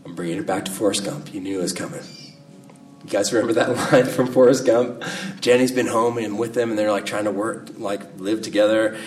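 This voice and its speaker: A man in his thirties preaching a sermon in a slow, measured way, letting his phrases fall soft at the ends. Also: on the low side, fairly even intonation, faint music behind. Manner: slow, measured delivery with soft dropping endings. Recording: distant mic with faint room ambience.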